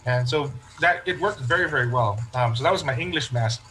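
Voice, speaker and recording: A man of medium pitch, a parish priest in a relaxed interview, recounting his experiences with an easy storytelling manner. He restarts his phrases often and slips into voicing the people in his stories. A faint noise sits behind him. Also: brisk, rough recording. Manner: storytelling, acts out quoted remarks, frequent restarts. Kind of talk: casual interview chat.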